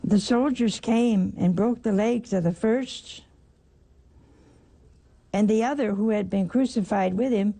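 An older woman delivers a slow, deliberate sermon in a gravelly, husky voice. Her tone is dark and mellow, and she repeats phrases and presses rhetorical questions for emphasis. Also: medium pitch. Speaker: preacher.

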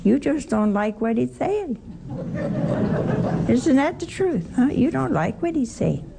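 A woman's voice: sits high, very animated, slow pace, vocal fry, very noisy. A woman teaching scripture in a conversational way, asking the audience rhetorical questions and acting out the quoted lines. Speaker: Bible study teacher.

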